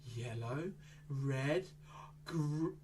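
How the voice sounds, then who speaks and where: A children's entertainer doing playful magic show patter, silly and exaggerated, jumping from loud squeals to hushed asides. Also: medium pitch, drawn-out words, slight background noise.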